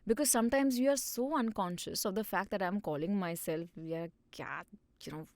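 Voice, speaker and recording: A woman's voice: medium pitch, moderate pace, a little mellow, no room sound. A woman, a hypnotherapist talking as a podcast guest who animatedly acts out inner dialogue. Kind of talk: podcast conversation.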